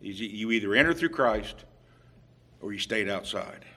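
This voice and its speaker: A man preaching a sermon, unhurried with occasional fillers, growing emphatic and louder on key points. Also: on the low side, lively intonation, breathy edge. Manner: emphatic, rising in volume on scripture quotes.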